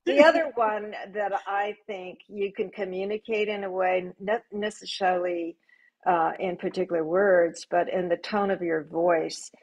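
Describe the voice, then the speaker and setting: An older woman speaking as a guest on a live panel, telling stories in a gentle, reflective, unhurried way. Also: fairly low pitch, low-quality recording.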